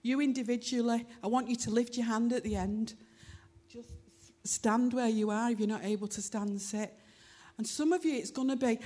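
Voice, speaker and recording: A woman's voice: fairly high pitch, brisk, dark tone. A woman preaching a sermon in church, earnest and emotional, her voice rising with fervor as she urges the congregation. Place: church hall.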